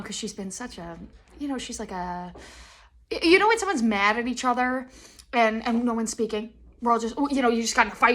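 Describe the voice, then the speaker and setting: A young woman chats on her podcast, her voice bright and sitting a bit high. She rambles through her stories with lots of animated asides and acts out what everyone said along the way. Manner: rambling, animated storytelling with acted-out quotes. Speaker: podcast host. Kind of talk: casual chat.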